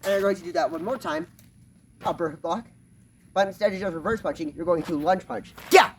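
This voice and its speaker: A karate instructor with a lively-pitched voice gives a casual demonstration lesson outdoors in a backyard, talking while he performs the moves. His speech is halting and full of fillers, and he marks each move with a "bam." The recording is distant, with clucking chickens and slight background noise.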